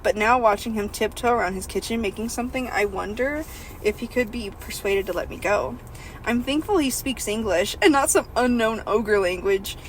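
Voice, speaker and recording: A woman with a fairly high voice reads a book aloud for a comedy podcast, in first person. She keeps an easy, wry tone between lines. A faint hiss sits under the recording. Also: normal speed, poor audio. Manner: reads in first person, breaks into laughter and asides. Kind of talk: comedic reading with banter.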